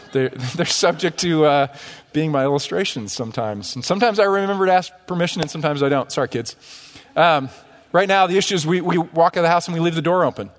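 A middle-aged man preaching in a church sanctuary, his fairly high voice carrying a long hall reverb. He talks conversationally and jokes with the congregation between points, then slows for emphasis. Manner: lively, conversational preaching with humor. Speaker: pastor. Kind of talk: sermon.

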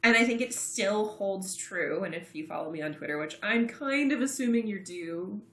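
A woman co-hosting a podcast chats about her team with a lively, rising and falling pitch. Her bright voice rings in a roomy echo. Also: moderate pace. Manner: chatty, laughs often. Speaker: podcast co-host. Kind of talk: casual sports chat.

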